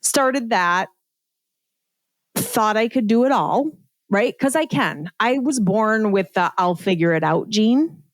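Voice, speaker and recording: A woman's voice: medium pitch, expressive, takes it slowly, no room sound. A middle-aged woman telling her story as a podcast guest in a casual, chatty way, full of "like" and "right?" and laughing at herself.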